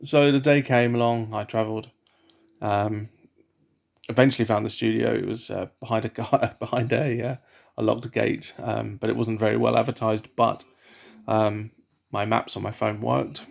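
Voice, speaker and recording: A man telling a personal story in a casual vlog, rambling with many fillers and restarts in a soft, self-conscious way. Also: fairly low pitch, little pitch movement, moderate pace, gravelly. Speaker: vlogger.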